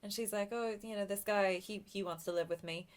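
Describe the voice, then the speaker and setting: A woman's voice: medium pitch, steady tone, brisk. A woman co-hosting a podcast, chatting casually about a film, chatty and giggly, often trailing off into asides. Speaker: podcast co-host.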